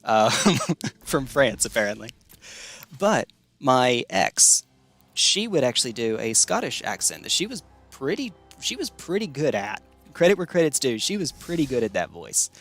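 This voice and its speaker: Young male streamer, mid-pitched, rambling and chatty while he plays, faint music under him. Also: big pitch swings, moderate pace, a bit bright. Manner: chatty and rambling, laughs often, reacts aloud to plays. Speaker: streamer playing a card game. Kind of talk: casual gameplay commentary chatting with stream chat.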